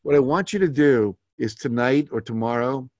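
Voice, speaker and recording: A man leading a live goal-setting workshop. He reads out participants' goals and comments on each in a relaxed, conversational way with many fillers. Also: mid-range voice, normal speed, no echo.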